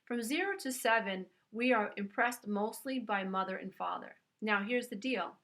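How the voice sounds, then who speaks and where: A woman's voice: medium pitch, moderate pace, fairly bright tone. A woman with a New York accent giving an earnest, emphatic motivational talk, speaking directly to her listener. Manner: earnest and emphatic, addresses listener as "dear one". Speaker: self-help speaker.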